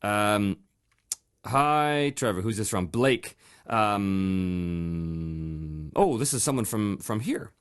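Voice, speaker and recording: Lively low-voiced man reading listener mail. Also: drawn-out words, pauses often, clear, resonant tone. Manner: reads listener mail aloud, laughing often. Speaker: podcast host. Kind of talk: casual podcast chat.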